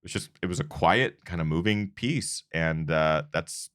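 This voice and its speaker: Deep-voiced man hosting an awards show. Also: moderate pace, fairly bright tone, clear, resonant tone, dry recording, studio quality. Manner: earnest, rambling with restarts. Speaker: host of a running channel. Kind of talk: casual awards show chat.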